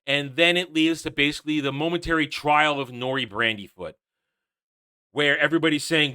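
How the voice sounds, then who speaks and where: A man's voice: on the high side, fairly quick, bright, forceful tone, clean tone. A man giving a casual, sarcastic episode review, mocking and ranting with frequent laughs. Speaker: TV show reviewer.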